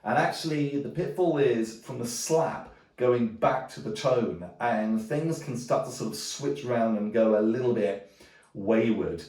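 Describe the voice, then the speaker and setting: A man teaching djembe in a relaxed, casual way, thinking aloud with frequent restarts. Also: mid-range voice, a little slow. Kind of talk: casual music lesson. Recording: roomy sound from a distance, drumming around speech. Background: djembe drumming.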